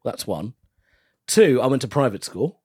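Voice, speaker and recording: A male comedian guesting on a podcast, telling stories with a lot of lift and fall in his voice. His tone is a little husky, and the sound is close and dry, with no room echo. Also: medium pitch, a little slow. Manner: animated storytelling with frequent laughs. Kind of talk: casual podcast chat.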